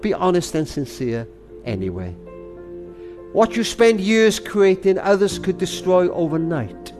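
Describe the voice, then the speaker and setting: An older man, a grandfather and author, tells a story and reflects in a tender, intimate, sermon-like way, slowing down for emphasis. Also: high voice, lively intonation, darkish tone, faint music behind.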